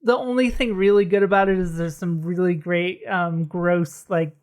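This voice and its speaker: A woman's voice: lowish voice, fairly even intonation, moderate pace, a little mellow. A woman chatting casually as a podcast co-host, laughing as she talks. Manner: chatty, laughs while telling. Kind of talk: casual chat.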